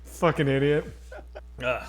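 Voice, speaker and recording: A man's voice: mid-range voice, measured pace. A man co-hosting a casual streamed chat show, telling stories and acting out what people said, swearing freely. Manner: animated, acts out quoted voices, swears freely. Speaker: podcast co-host. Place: home streaming setup.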